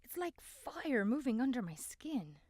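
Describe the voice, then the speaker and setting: A woman's voice: on the high side, very animated, a little slow, darkish tone, dry recording, studio quality, voice pushed up. A woman playing a wry young man in pain.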